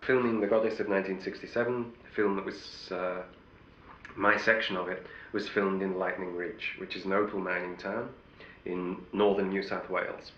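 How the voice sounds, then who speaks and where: A man's voice: sits low, flat delivery, normal speed, fairly bright tone, reverberant, lo-fi sound, a little hiss or hum. A middle-aged male actor telling wry anecdotes in an interview, often restarting his sentences. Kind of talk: interview storytelling.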